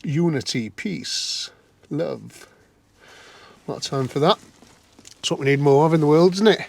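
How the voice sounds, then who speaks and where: A man's voice: fairly high pitch, fast, a little mellow. A man giving chatty, wry running commentary to camera as he looks over an old car in a cold scrapyard. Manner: chatty, wry, muttering to himself. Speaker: vlog host.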